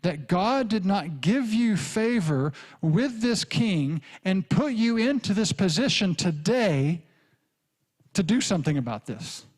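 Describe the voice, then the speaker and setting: A man's voice: high voice, big pitch swings, slow, a little mellow, voice pushed up, exaggerated voice. A man acting out an urgent older man who presses a young woman to act.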